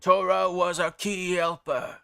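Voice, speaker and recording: A game streamer voicing a secretive older male caller who speaks slowly and gravely with a wavering put-on accent. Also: flat delivery. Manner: slow, low, hushed delivery with a wavering put-on accent.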